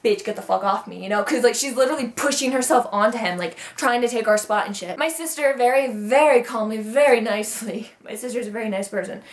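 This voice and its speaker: A woman's voice: fairly high pitch, quick pace, hardly any pauses. A young adult woman telling stories in a casual vlog, ranting with heavy swearing. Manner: profane, heated ranting storyteller. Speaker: vlogger. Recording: roomy echo.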